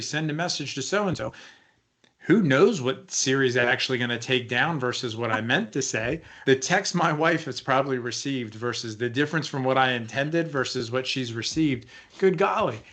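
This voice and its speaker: A man's voice: medium pitch, moderate pace, few pauses, fairly bright tone. A man co-hosting a leadership podcast as a coach, talking casually and emphatically, often asking rhetorical questions.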